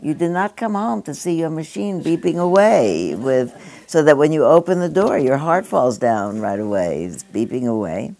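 An older woman with a strikingly deep voice speaks to a gathering. She muses and digresses, and often slips into chatty asides. The tone is reflective and unhurried. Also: lively intonation, dark tone. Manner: rambling, digressive, with conversational asides. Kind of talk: reflective spoken address.

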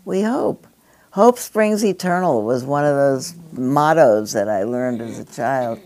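A woman's voice: extremely low pitch, animated, a little slow, a little mellow. An older woman giving a reflective spoken address to a gathering, rambling and digressive, with conversational asides.

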